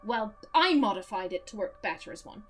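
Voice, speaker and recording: A woman's voice: medium pitch, expressive, fairly quick, fairly bright tone, a little hiss or hum, pitched below the performer's own voice, lightly acted. A woman voicing a middle-aged male doctor in a video game, in a put-on Irish accent, speaking in an earnest, precise, lecturing way. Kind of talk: reading game dialogue aloud.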